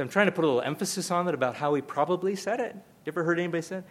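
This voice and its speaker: A man's voice: fairly high pitch, animated, racing, hardly any pauses. An older man preaching a sermon, emphatic and conversational, often repeating himself for emphasis. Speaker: pastor.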